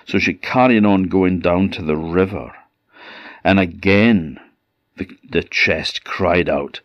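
A man with an Orkney Scottish accent telling a folk tale in a lively, expressive way. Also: sits low, no echo, highs cut off. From Orkney, Scotland. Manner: lively, expressive, drawn-out words. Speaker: storyteller.

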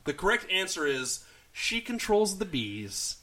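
A man's voice: high-pitched, big pitch swings, measured pace, bright, forceful tone. A man hosting a podcast movie-tagline quiz, playful and teasing, laughing often between questions. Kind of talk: casual podcast banter.

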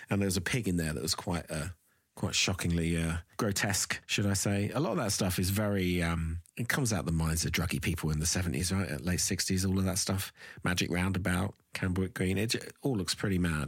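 A man's voice: sits low, normal speed, slightly rough, dry recording. A middle-aged man hosting a podcast in casual voice messages, rambling loosely and swearing now and then. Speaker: podcast host.

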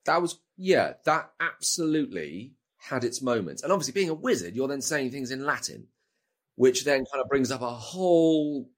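This is a middle-aged actor from Britain, speaking with a British accent as a guest in a casual interview. His mid-range voice is expressive and moderately paced, and he tends to ramble, repeating words whenever he starts a thought over.

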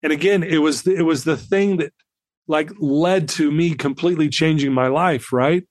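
A middle-aged man with a slightly high voice tells a heartfelt story, earnest and halting, restarting his thoughts as he goes. The sound is dry and close, with no room around it. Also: no echo. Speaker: podcast guest. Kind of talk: emotional personal storytelling.

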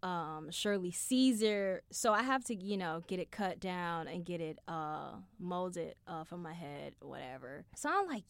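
A woman's voice: lowish voice, measured pace, hardly any pauses, smooth, no room sound. Chatty, profane young woman storyteller. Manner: chatty, profane, animated, acts out her own quotes. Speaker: podcast host. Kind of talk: casual storytelling monologue.

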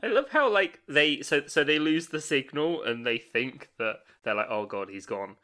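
A man co-hosting a podcast, retelling scenes with animated laughs and casual swearing in a loose chat. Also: a little high, normal speed. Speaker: podcast co-host.

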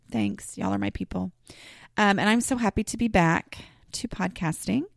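A woman's voice: mid-range voice, gravelly, no echo, clean studio sound. A woman hosting her own podcast, talking casually and rambling, with many fillers and restarts. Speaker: podcast host. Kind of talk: casual solo podcast talk.

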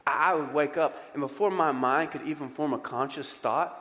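Man, pastor, sermon, high voice, conversational, church hall reverb. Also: moderate pace. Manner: animated, conversational, asks the crowd questions.

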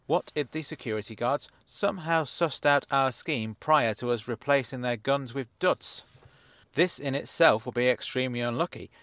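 A man reading his own comic story in the first person, with a dry, deadpan delivery. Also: medium pitch, no room sound. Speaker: author and narrator. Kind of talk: first-person audiobook narration.

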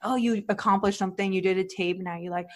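A woman in her thirties, a stand-up comedian co-hosting a podcast, chatting casually with animated storytelling, swearing freely and acting out quoted voices. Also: medium pitch, fast. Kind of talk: casual chat.

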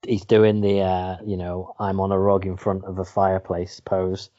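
A man's voice: sits low, completely flat delivery, normal speed, warm tone, muffled recording. A man co-hosting a podcast, teasing his partner dryly and steering the chat. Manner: dry, teasing, steering the talk. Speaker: podcast co-host. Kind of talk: casual podcast banter.

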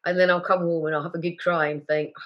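A woman, a guest on an interview, talking openly and emotionally with lively retellings. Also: on the low side, fast talker, lo-fi sound. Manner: emotional, candid, animated retelling. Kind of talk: casual interview chat.

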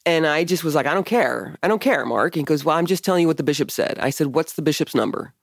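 Candid, low-voiced woman podcast host. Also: expressive, quick pace, vocal fry, dry recording, clean studio sound. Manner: candid, emotional storytelling, frequent swearing. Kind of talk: casual conversation.

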